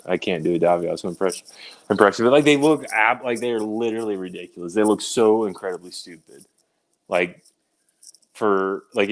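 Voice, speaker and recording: A man co-hosting a podcast, blunt and sarcastic in casual chat, with "like" scattered through his talk. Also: lowish voice. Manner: blunt, sarcastic, says "like" a lot. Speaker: podcast co-host.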